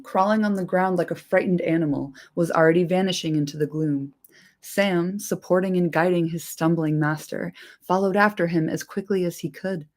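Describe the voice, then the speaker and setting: A woman reading a fantasy book aloud on a livestream, expressive, with casual and profane chatty asides. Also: on the low side.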